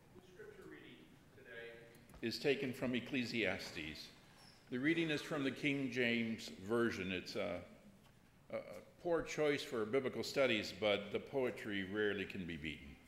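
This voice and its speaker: A man reading scripture aloud to a church congregation in a measured, rhythmic way. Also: medium pitch, expressive, a bit bright, slight background noise. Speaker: scripture reader. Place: church sanctuary. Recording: echoey church hall with long reverb.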